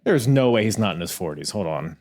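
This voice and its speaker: Male podcast host, slightly low voice, laid-back joking banter. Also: lively intonation, brisk, darkish tone. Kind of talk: casual chat.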